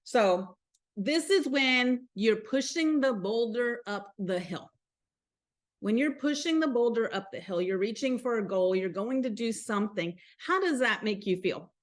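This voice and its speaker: A woman with a Southern US accent hosts a live motivational stream in a fairly high voice. She is chatty and upbeat and keeps turning to her viewers with questions. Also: lively intonation, measured pace. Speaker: host.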